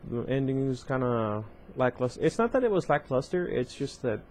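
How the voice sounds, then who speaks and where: A man's voice: mid-range voice, very animated, normal speed, a little mellow. Rambling man reading a book aloud. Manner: rambling, many fillers and side comments. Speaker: reader of a book series. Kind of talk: casual reading aloud with asides. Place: at home.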